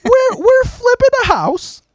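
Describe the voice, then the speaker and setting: Picture a huge, hulking boss whose fury has squeezed his voice into a thin, cracking squeal,. He cusses and demands explanations in disbelief, every phrase shooting up far above a normal man's pitch. It sounds a little distant. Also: huge pitch swings, unhurried, no room sound, full character voice. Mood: shrill fury. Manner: shrill, cursing, incredulous. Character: huge enraged male boss, voice squeaking with rage.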